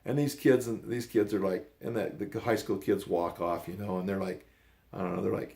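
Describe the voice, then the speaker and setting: Older man, gravelly, lowish voice, rambling blunt storytelling, casual. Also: steady tone, moderate pace, dark tone.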